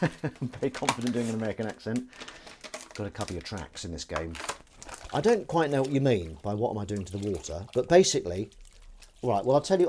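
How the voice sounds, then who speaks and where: A man's voice: medium pitch, background noise. A British man streaming live as he washes up, chatting and joking with viewers in a self-deprecating way. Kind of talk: casual chat while washing dishes. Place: home kitchen at the sink.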